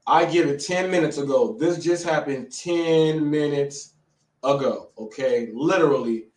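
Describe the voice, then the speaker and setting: A shaken American man talks fast in bursts, stammering and repeating words while he catches his breath. His voice sits a little high and sounds set back from the mic, in an echoey room. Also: darkish tone, recorded from a distance. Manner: breathless, repetitive, stammering restarts. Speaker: live show host. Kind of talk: excited live-stream storytelling.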